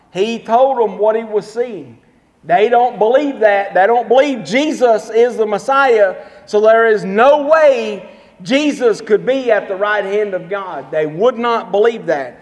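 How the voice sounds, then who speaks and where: A pastor with a high voice preaches a sermon in a church, speaking a little slowly. He is emphatic and repetitive as he tells stories and drives his points home, with long hall reverb around him.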